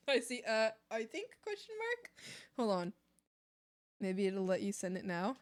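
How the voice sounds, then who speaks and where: A woman's voice: fairly high pitch, very animated, measured pace, no echo, studio quality. A woman streamer chatting casually with her chat, playful and teasing, laughing often into a desk mic. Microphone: desk microphone.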